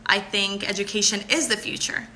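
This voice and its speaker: Brief: 20s woman, live stream host, effusive and bubbly, very bright voice over faint hiss. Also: mid-range voice, steady tone. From Puerto Rico. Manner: bubbly and effusive, quick to thank and laugh. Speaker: beauty pageant contestant. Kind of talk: live stream answering viewer comments.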